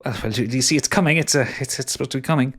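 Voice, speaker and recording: A man's voice: medium pitch, rapid-fire, a bit bright, close to an everyday voice. A man voicing a nervous, fawning halfling man who stammers and gushes at people in a tabletop role-play. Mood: flustered. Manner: nervous, stammering and overly friendly.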